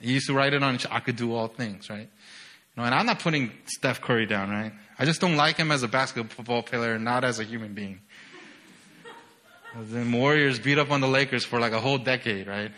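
This young man preaches with high energy and a slightly quick pace, repeatedly asking "right?" while shifting from loud bursts to hushed, low passages.

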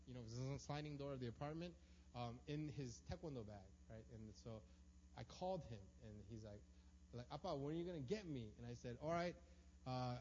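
A man's voice: a little high, a little mellow. A man in his thirties, a pastor, preaching a sermon in a chatty storytelling way and often asking "right?". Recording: long hall reverb, dull lo-fi sound, faint hum.

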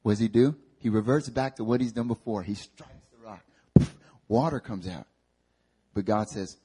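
A pastor preaching a sermon in an animated, joking, conversational way. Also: male voice, lowish voice, normal speed, breathy edge. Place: church service.

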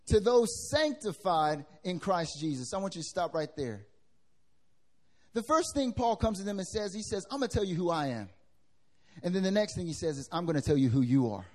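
In a church hall before the congregation, a young pastor delivers a sermon from the pulpit in a fairly high voice. His lively preaching swings widely in pitch and loudness, from loud bursts to soft asides, and he slips into casual slang when addressing the people.

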